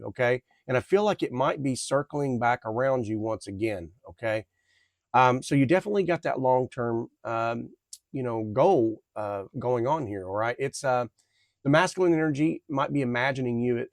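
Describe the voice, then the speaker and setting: A man giving a casual tarot reading to camera, rambling and halting, full of fillers and self-corrections. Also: medium pitch, darkish tone, dry recording, clean studio sound. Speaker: tarot reader.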